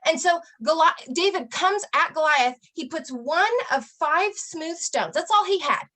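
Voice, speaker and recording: A woman's voice: very high-pitched, lively intonation, measured pace, sharp tone. A middle-aged woman, a health coach, giving a motivational talk and telling a story earnestly, with emphatic repetition.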